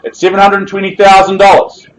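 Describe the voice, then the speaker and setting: A man's voice: high-pitched, completely flat delivery, a little fast, rough recording. A man with a New Zealand accent calling a live property auction with jovial, persuasive patter.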